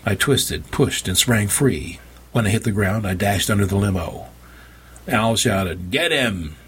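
A male audiobook narrator telling a first-person tale. His delivery is wry and deadpan. The voice is low and husky, with a raspy edge. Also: unhurried.

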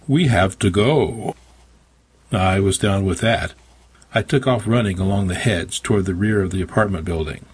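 A man's voice: on the low side, slightly rough. A man reading a story aloud in a dry, wry first-person narration. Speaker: audiobook narrator. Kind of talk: scripted narration.

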